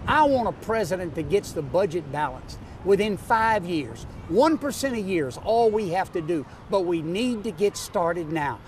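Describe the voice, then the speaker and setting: A man in his sixties with a Louisiana Southern accent, a political candidate giving an emphatic campaign pitch in an interview, driving home his points with repeated lists. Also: animated, moderate pace, hardly any pauses, a little hiss or hum. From North Louisiana, USA. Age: 60s. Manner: emphatic, repetitive rhetorical lists.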